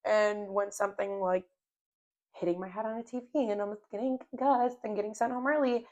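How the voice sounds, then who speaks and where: A woman's voice: mid-range voice, steady tone, fairly quick, darkish tone, dull audio. A young adult woman hosting a podcast, telling a personal story in a candid, rambling way with self-mocking humor. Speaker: podcast host. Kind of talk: casual personal storytelling monologue.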